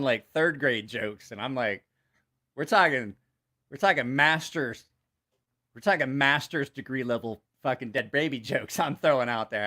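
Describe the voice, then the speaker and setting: A man hosting his channel, telling crude jokes in casual livestream style, swearing freely and laughing at his own punchlines. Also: fairly high pitch. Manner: animated joke telling. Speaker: channel host.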